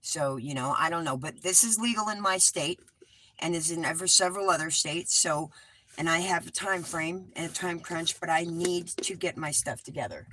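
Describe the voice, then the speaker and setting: A woman's voice: on the low side, normal speed, pushed and bright, a little hiss or hum, rough recording. A middle-aged woman from California chatting rambly and informally with her viewers from inside a small RV, calling them hun. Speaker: vlogger. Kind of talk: casual livestream chat.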